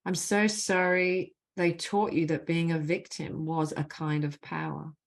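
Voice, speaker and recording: Woman, low voice, spiritual mentor on a video call, guides slow repeated healing phrases. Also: level tone, vocal fry. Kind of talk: guided clearing session with spoken healing phrases.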